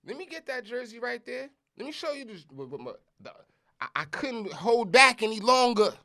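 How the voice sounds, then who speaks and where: A middle-aged man from Brooklyn with a thick New York accent holds forth on his own podcast. His pitch leaps up and down as he talks, and he punches his points with curses and "you heard?" He sounds emphatic and animated. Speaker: podcast host. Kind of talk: casual monologue.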